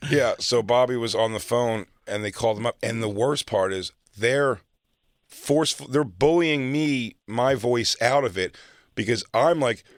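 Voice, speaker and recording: A man's voice: medium pitch, moderate pace, no room sound, clean studio sound. A middle-aged man from South Jersey, a comedian telling a road story in casual chat and acting out other people's lines. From South Jersey, near Philadelphia. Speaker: comedian guest.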